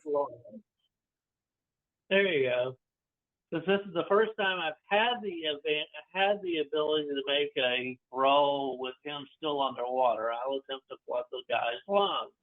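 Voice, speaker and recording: A man playing a tabletop game who thinks out loud with an eager manner. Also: fairly high pitch, unhurried. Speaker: player. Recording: tinny phone-like line.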